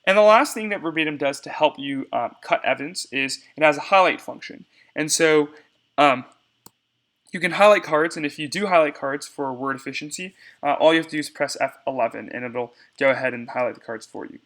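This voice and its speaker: Bright-voiced young man explaining software. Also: fairly high pitch, a little fast. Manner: casual explanatory, addresses viewers as y'all. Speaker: debate tutorial instructor. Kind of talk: software screencast tutorial.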